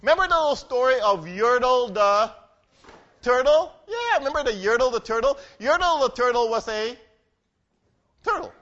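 Animated man quizzing children. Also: extremely high pitch, moderate pace. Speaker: children's church speaker. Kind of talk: children's message with a game and story. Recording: dull lo-fi recording.

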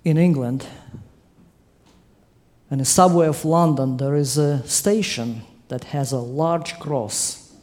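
A man preaching a sermon in an emphatic way, building to loud, forceful climaxes. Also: on the high side, slow, long pauses.

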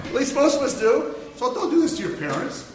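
A man tells a story to children, playful and quizzing his listeners. His voice is high, bright and very lively, and he sounds far from the mic in a roomy, echoing hall. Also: fairly quick, a little hiss or hum. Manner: playful, asks the audience questions.

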